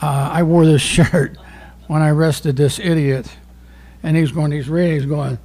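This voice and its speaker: A former undercover narcotics officer turned poet, giving a rambling, profane poetry reading full of stories. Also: male voice, a little high, steady tone, moderate pace, dark tone. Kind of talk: live poetry reading with storytelling.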